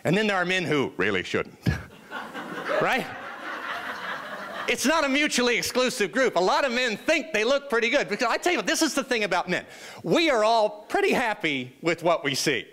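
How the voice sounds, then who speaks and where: A man, a motivational speaker, delivers a humorous keynote, telling comic stories to an audience as an animated storyteller. His voice is high-pitched and his pace moderate.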